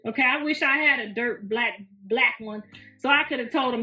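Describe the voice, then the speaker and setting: A woman's voice: fairly high pitch, normal speed. A woman in her fifties, hosting a casual livestream from home, talking bluntly with lots of profanity and laughter. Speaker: livestream host. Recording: roomy, distant, slightly muffled, faint music.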